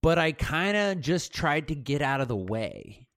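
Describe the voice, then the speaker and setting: A man in casual podcast chat, telling rambling, animated stories about editing his film. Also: a little high, unhurried, no room sound, studio quality. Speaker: filmmaker, podcast co-host.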